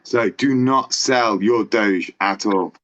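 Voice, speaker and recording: A man in casual podcast chat, rambling and excitable, with the odd curse. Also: fairly low pitch, slow pace. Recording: dull lo-fi sound.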